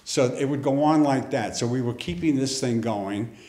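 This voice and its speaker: A middle-aged man telling a personal story on stage in a wry, conversational way, with deadpan asides. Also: mid-range voice, moderate pace. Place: theater stage. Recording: echoey theater room with faint ambience.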